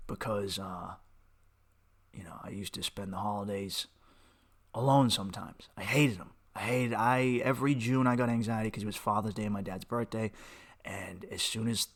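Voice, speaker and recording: A man's voice: on the low side, steady tone, normal speed. A young man, hosting a podcast as a candid personal monologue, profane and impassioned, with restarts and rising outbursts. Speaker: podcast host.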